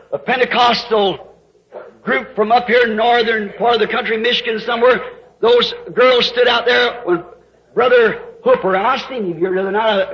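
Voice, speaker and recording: High-voiced older preacher, lo-fi. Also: male voice. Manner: folksy storytelling, rising to emotional outbursts. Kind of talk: sermon testimony. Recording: dull lo-fi sound.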